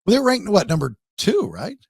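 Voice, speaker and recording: A man hosting a podcast, chatting casually about college football and rising in pitch when he makes a point. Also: big pitch swings, normal speed, gravelly, a little mellow, slightly rough, no echo. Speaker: podcast host. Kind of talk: casual sports chat.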